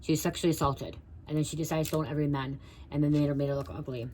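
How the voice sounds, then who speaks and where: Low, flat-voiced woman reading aloud haltingly. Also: slight background noise, low-quality recording. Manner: reads haltingly, stumbling over words and breaking off to talk to viewers. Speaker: tarot reader. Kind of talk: live stream reading from an oracle card guidebook.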